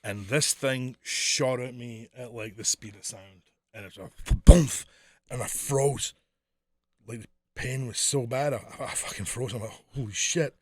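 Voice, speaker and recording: A man with a mild, Americanized Scottish accent telling animated, profane stories as a podcast co-host. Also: medium pitch, measured pace, no echo. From Scotland. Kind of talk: casual chat.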